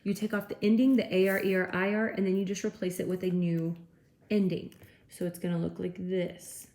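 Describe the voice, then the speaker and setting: A woman's voice: on the low side, little pitch movement, fairly quick, darkish tone. A woman teacher giving a classroom lecture, explaining step by step and checking in with frequent okays. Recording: echoey room, faint noise.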